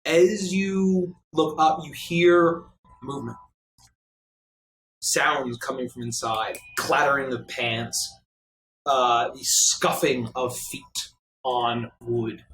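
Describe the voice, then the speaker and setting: A man narrating a tabletop role-playing scene as game master, with frequent pauses. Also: mid-range voice, fairly bright tone, slight background noise. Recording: echoey room.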